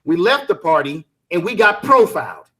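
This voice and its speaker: Middle-aged man, panel guest on a video call; high, bright voice, insistent and emphatic, flares into shouting. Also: sing-song, normal speed. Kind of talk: heated online panel debate. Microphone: video call mic.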